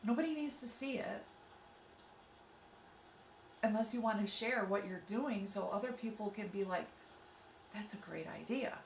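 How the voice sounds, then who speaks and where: A woman hosting a livestream from home, giving a gentle, reassuring guided grounding talk that drops to a hush for breathing counts. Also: medium pitch, moderate pace, long pauses. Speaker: wellness livestream host. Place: home room with rain sounds on the TV. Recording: echoey room, mic at a distance, steady background noise.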